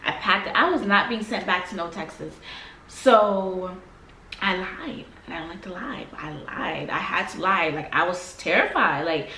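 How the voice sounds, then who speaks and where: A woman from Florida telling a story in a casual sit-down vlog, animated, emphatic and slangy. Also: on the low side, normal speed, slight background noise. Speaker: vlogger. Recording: roomy, mic a bit far.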